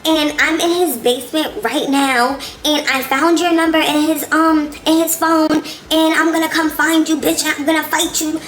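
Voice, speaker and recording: Girl doing a high squeaky mad jealous chick threatening to fight, echoey room. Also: level tone, normal speed, hardly any pauses, a bit bright. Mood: angry. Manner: heated, threatening, rising to sobs. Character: angry jealous young woman, then tearful.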